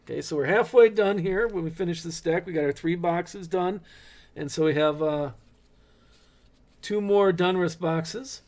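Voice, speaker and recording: A middle-aged man hosts a live trading card break in a relaxed, chatty way, tossing in corny dad jokes between pulls. His voice sits a touch high for a man and has a gravelly edge. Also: a little slow.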